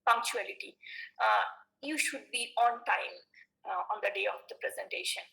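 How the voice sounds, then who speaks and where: A woman teacher talks through a lecture for her online class. Her voice sits high, bright and a little gravelly. She peppers her points with "okay" and stumbles into restarts and fillers. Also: wildly swooping pitch, normal speed, rough recording.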